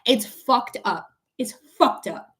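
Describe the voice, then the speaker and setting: A woman's voice: fairly high pitch, animated, slow pace, background noise. A young woman livestreaming as a psychic reader, ranting angrily and profanely while answering her chat viewers. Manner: angry, profane, addresses chat viewers by name. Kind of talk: live-stream chat and rant.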